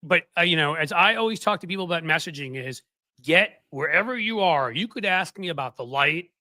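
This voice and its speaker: Sarcastic bright-voiced male political host. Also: fairly high pitch, brisk, dry recording. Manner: sarcastic, rambling, animated. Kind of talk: casual political chat.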